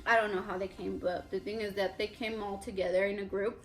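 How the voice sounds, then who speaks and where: A woman's voice: mid-range voice, level tone, fairly quick, faint music behind, rough recording. A young woman from Mexico with a Mexican accent, telling a story casually on a vlog, blunt and indignant and swearing freely. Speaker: vlogger. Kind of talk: casual storytelling during a mukbang.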